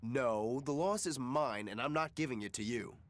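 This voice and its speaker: An actor playing a relaxed, cheerful adult male swordsman in a game. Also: mid-range voice, moderate pace, lightly acted. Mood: casual. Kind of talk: game voice acting.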